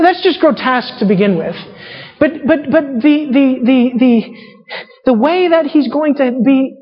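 A woman's voice: on the high side, breathy edge. A woman preaching a sermon, reading scripture and retelling characters in casual paraphrase. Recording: muffled sound in a reverberant hall.

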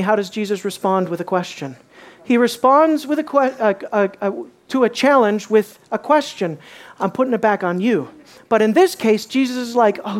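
A woman teaching a bible study, asking her listeners questions and acting out the quoted lines. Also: mid-range voice. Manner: animated, asks the audience questions, acts out quotes.

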